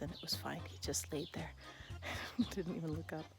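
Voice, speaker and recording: A woman whispering a walking vlog, hushed so she won't wake people sleeping nearby. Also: sits low, fairly even intonation, moderate pace, few pauses, over music.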